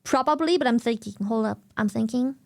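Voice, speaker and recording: German girl streamer w/ accent, high voice, keeps repeating stuff to make her point. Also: a little fast, gravelly, a little mellow, no room sound. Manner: explains eagerly, repeats herself for emphasis. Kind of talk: casual chat with chat.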